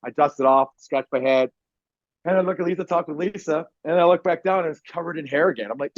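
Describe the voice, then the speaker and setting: A man telling a personal story on a podcast, animated and swearing often, acting out what people said. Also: on the high side, fast, no room sound. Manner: animated, swears a lot, acts out quotes loudly. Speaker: podcast guest. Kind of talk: casual storytelling. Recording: dry, dull lo-fi podcast audio.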